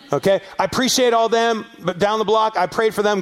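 A middle-aged Los Angeles pastor delivers a sermon story full of animated rises and shouted peaks. His voice is high, he talks a little fast, and he barely pauses.

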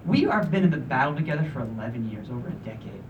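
A man's voice: medium pitch, big pitch swings, very fast, phone-quality sound, slight background noise. A man in his thirties preaching a sermon in a conversational, emphatic way. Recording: voice from a distance with faint room ambience.

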